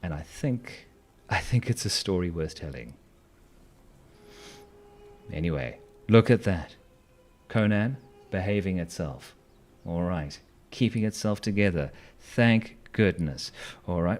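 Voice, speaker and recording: A hoarse man chatting casually while streaming a game, playful and rambling, with silly sing-song asides. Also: sits low, lively intonation, slow.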